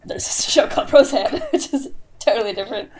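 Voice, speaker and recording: A young woman co-hosting a podcast, chatting casually, quick to laugh and chiming in. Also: fairly high pitch, lively intonation, a little mellow. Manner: giggly, quick to laugh, chimes in. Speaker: podcast co-host. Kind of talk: casual comedic chat.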